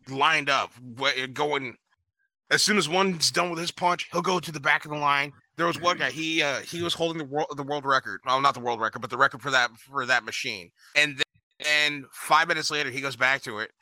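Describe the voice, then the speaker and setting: Bright, profane man telling stories. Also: medium pitch, dry recording. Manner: profane, animated storyteller doing voices. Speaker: podcast co-host. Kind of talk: casual storytelling chat.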